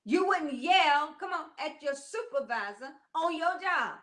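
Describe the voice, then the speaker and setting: Emphatic co-host, woman, high bright voice, preachy call-and-response style. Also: animated, unhurried. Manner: emphatic, preachy, keeps saying "come on". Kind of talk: casual chat.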